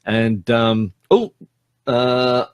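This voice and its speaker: A man's voice: mid-range voice, very slow, clean tone, no echo, clean studio sound. An Australian man hosting a casual live stream for his podcast, chatting and rambling with lots of ums as he thanks his listeners. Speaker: podcast host.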